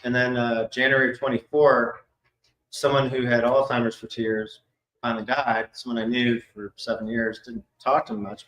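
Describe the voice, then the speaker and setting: In an expo hall, a male psychic medium tells an animated personal story to a live audience, slipping into the voices of those he quotes. His voice is bright, forward and mid-range, and the roomy hall gives clear echo.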